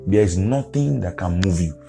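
A man's voice: sits low, lively intonation, moderate pace, creaky, mellow, faint music behind. A man preaching an earnest devotional podcast sermon, repeating phrases for emphasis.

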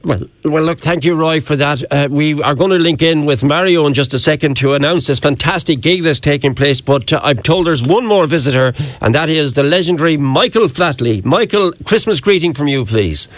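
A man's voice: on the high side, lively intonation, brisk, few pauses, no room sound. A man with an Irish accent hosting a live radio show, laughing along with his callers. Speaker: radio host. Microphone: studio microphone.

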